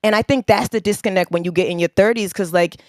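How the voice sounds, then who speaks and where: A woman's voice: medium pitch, fast, no room sound, studio quality. A woman in her thirties, a podcast guest telling stories animatedly and laughing as she talks. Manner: animated, laughing, acts out quotes. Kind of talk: casual chat, storytelling.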